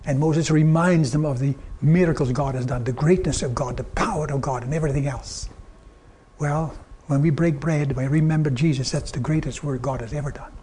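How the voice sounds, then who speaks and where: An older man preaching a sermon, telling personal stories earnestly and quoting others in a softer, lower tone. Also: brisk, slightly rough. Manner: earnest storytelling, quoting God and people in softer lower tones.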